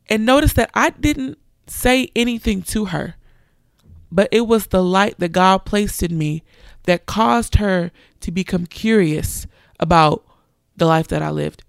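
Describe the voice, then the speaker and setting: A woman's voice: medium pitch, creaky, no echo, studio quality. A young woman preacher, giving an earnest sermon testimony and animatedly quoting others.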